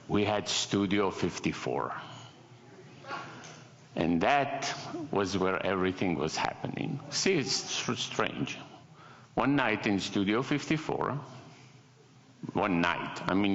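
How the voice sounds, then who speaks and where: A man's voice: low voice, creaky, a bit bright. An older man in his seventies with an Italian accent, telling wry, self-mocking stories during a guest lecture. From Italy. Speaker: designer giving a guest lecture. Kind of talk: anecdotal lecture storytelling. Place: lecture hall. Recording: echoey hall, dull lo-fi sound.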